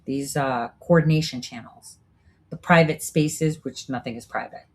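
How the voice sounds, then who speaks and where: A woman with a deep voice hosts a show at a moderate pace. Her monologue commentary is preachy and profane, packed with rhetorical asides.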